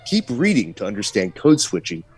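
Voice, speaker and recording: A man co-hosting a stream, reading an article aloud in a plain, steady way. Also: fairly low pitch, a little fast, slightly rough.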